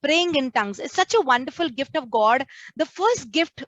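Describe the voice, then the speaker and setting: A woman's voice: high-pitched, expressive, moderate pace, fairly bright tone, no echo, lo-fi sound. A woman, a nun preaching a sermon to a prayer group and acting out the complaints she quotes. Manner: earnest, acts out quoted complaints.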